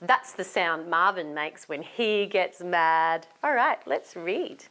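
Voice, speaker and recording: A woman from Australia reading a storybook aloud to young children, animated and inviting them to join in. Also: fairly low pitch, slow pace.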